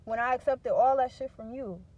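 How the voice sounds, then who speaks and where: A woman's voice: a little high, moderate pace, darkish tone, dull audio. A young woman, venting bluntly and profanely to camera in a candid vlog. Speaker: vlogger.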